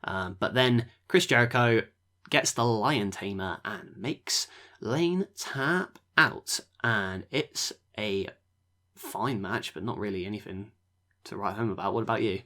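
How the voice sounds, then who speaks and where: A man's voice: fairly low pitch, unhurried, pushed and bright. A man hosting a podcast, reviewing matches in a rambling casual chat that often trails off. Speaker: podcast host.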